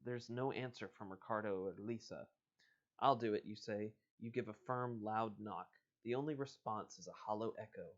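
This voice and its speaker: A man's voice: on the low side, brisk, few pauses. Man reading a gamebook aloud, muffled audio. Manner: casual, chuckling, playful asides. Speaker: host and reader.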